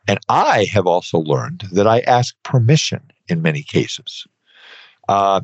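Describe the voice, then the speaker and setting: Podcast host, male, 50s, low voice, earnest and emphatic, dry dull recording. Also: lively intonation, measured pace, husky, dry recording. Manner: earnest, emphatic, repeats points with okay. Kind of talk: advice podcast monologue.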